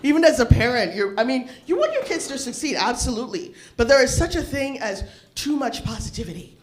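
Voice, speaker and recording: A woman's voice: sits high, fairly quick, a little hiss or hum. Profane laughing woman comic, echoey room. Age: middle-aged. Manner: profane, animated, laughs at own jokes. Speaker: stand-up comedian. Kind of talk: stand-up comedy set. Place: bar open mic stage.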